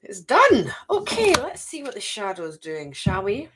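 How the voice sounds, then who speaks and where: A woman's voice: mid-range voice, huge pitch swings, measured pace, heavy background noise. A middle-aged woman giving a live card reading to viewers. She chats, talks to herself and repeats phrases. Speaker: card reader.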